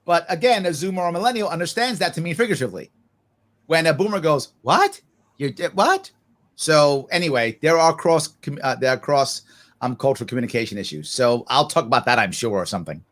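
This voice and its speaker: Animated man talking off the cuff. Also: a little high, fast talker. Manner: animated, laughs often, acts out other voices. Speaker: guest. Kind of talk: off-the-cuff podcast interview.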